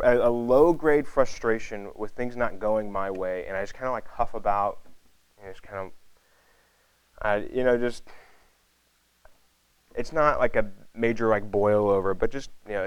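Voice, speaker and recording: Smooth low-voiced man preaching casually. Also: dry recording, rough recording. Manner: casual and rambling, many fillers and restarts. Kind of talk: conversational sermon.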